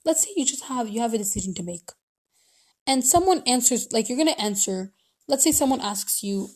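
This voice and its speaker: A woman's voice: a little high, lively intonation, brisk, darkish tone. A woman giving casual advice in a rambling way, full of restarts and fillers. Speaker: podcast host.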